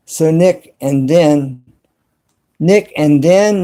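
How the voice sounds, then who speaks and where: Male live-stream host, slightly high gravelly voice, slow and deliberate, spells things out, phone mic. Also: warm tone. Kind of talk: casual live-stream chat with viewers. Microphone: cell phone.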